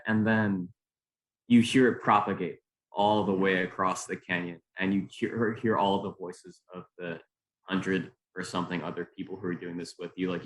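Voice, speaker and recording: A man's voice: on the low side, low-quality recording. A man, a guest climber, chatting casually on a podcast with many fillers.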